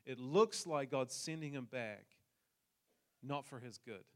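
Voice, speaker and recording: Animated New Zealand man preaching. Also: medium pitch, a little slow. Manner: animated storytelling with jokes to the congregation. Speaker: pastor. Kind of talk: sermon.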